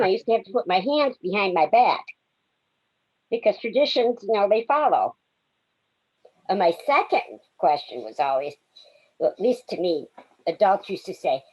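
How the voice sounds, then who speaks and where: Lively woman on a dull call line. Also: medium pitch, slightly rough. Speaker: workshop co-presenter. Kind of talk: online workshop talk. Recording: dull lo-fi video call audio.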